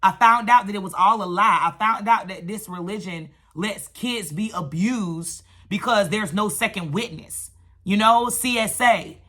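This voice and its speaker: A woman, telling a story on her vlog in a ranting, animated manner. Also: mid-range voice. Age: adult, has a daughter. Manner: animated, vents and rants, quick shifts. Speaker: vlogger.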